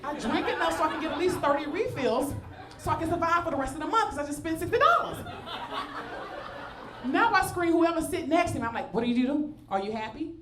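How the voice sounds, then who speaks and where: Southern woman stand-up comic, high lively voice bouncing all over, self-mocking, echoey club with a crowd laughing. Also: a little fast. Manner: animated, self-mocking, playful asides to the crowd. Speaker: stand-up comedian. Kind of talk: stand-up comedy set. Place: comedy club stage.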